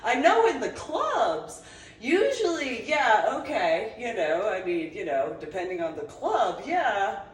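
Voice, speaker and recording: A woman's voice: medium pitch, big pitch swings, takes it slowly. A woman from New Jersey talking in a meandering personal monologue, laughing often between thoughts. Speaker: vlogger. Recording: roomy echo, voice from a distance.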